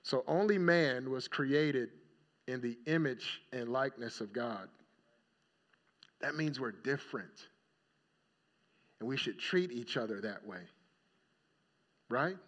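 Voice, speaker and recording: A man's voice: mid-range voice, slow pace, pauses often. A male pastor giving a sermon in a casual storytelling manner, often checking in with the congregation. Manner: conversational storytelling, checking in with "right?". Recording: dull lo-fi recording.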